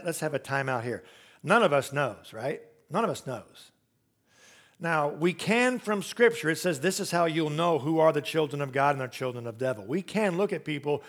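A man preaching a sermon, telling stories and acting out quotes, swinging from loud rising emphasis to very soft low tones. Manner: storytelling preacher who acts out quotes. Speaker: pastor.

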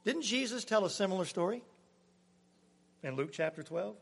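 A man preaching a sermon as pastor, swinging from loud emphasis to hushed, near-whispered lines. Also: high-pitched, expressive, normal speed, vocal fry, breathy edge. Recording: long hall reverb.

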